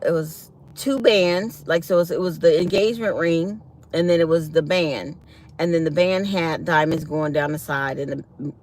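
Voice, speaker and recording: A woman vlogger telling a personal story in a casual, animated way, laughing often and quoting others. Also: on the low side, slight background noise.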